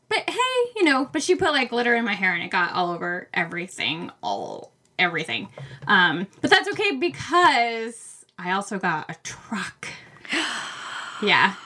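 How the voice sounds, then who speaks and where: Giggly woman from maine with a faint accent, bright voice, rambles excitedly about books on a podcast. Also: medium pitch, a little slow. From Maine, USA. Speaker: podcast co-host. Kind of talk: casual book podcast chat.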